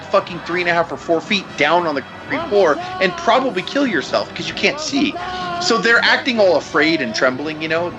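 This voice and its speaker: A man co-hosting a podcast, retelling a story in a casual, profane, laughing way. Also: high-pitched. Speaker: podcast co-host.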